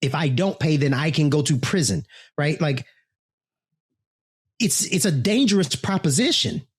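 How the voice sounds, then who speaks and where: A man's voice: on the high side, lively intonation, unhurried, husky, no echo, studio quality. A man co-hosting a casual chat show, talking bluntly with profanity and jokes. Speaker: co-host.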